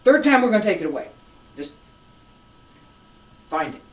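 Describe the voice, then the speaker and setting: A qigong instructor guiding a breathing lesson with calm, unhurried cues and conversational asides. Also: mid-range voice. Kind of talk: guided breathing lesson with reflective talk. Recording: roomy and distant from the mic.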